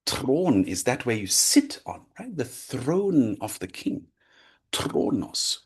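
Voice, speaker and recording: Man, language lecture, slow-paced, husky, animated pitch. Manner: lively, explaining with frequent "right?" and "yeah?". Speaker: language teacher.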